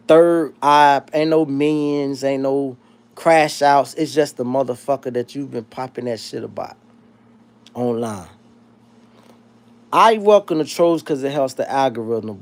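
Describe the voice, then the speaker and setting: Man, livestream host, casual chat, profane, animated, rambling, medium pitch. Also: a little slow. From South Florida.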